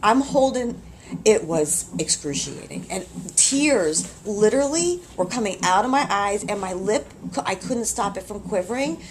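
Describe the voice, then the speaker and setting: A woman in labor in a hospital room tells her story in casual, animated, exclamatory speech with frequent laughs, recorded on a handheld camcorder's built-in mic. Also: mid-range voice, measured pace, slight background noise. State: having contractions.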